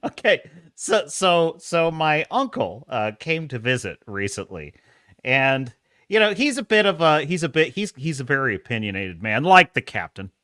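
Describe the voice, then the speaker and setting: Lively, animated man talking close to the mic. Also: fairly high pitch, normal speed, no echo. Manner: animated storytelling with frequent laughs and restarts; opinionated and sarcastic. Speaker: live-stream podcaster. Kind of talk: casual live-stream chat.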